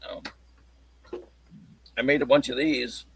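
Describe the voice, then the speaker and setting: A man chatting casually on a livestream, showing his locksport tools in a halting, rambling way. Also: medium pitch, steady tone, gravelly, husky, poor audio. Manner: halting, rambling show-and-tell.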